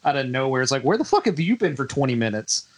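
A man's voice: mid-range voice, very animated, fast. A man co-hosting a casual film review podcast, blunt and wry, swearing freely as he chimes in. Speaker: podcast co-host.

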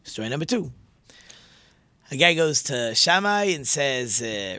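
A man teaching a religious lesson through stories, animated and acting out the dialogue with lively shifts in pitch. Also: unhurried, long pauses, no room sound. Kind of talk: storytelling lesson.

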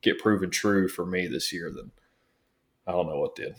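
A man co-hosting a podcast, chatting in a relaxed, joking way. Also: deep voice, normal speed. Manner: relaxed, joking, says dude and man a lot. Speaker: podcast co-host. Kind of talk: casual chat.

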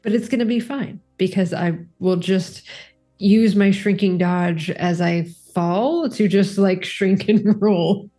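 A woman's voice: mid-range voice, slow, warm tone, faint music behind. A woman playing in a tabletop game, rambling through her plans with frequent giggles. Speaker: player.

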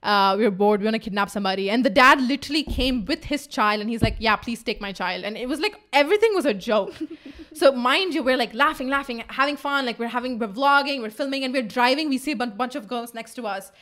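Excitable fast-talking young woman. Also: on the high side. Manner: excitable, swears freely, acts out quotes. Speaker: co-host. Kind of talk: casual storytelling chat.

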